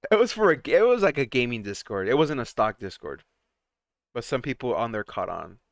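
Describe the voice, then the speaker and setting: A man's voice: medium pitch, very animated, fairly quick, no echo, clean studio sound. A man hosting a casual stock-market livestream, chatting with co-hosts and reading out viewer comments and trending topics. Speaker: livestream host.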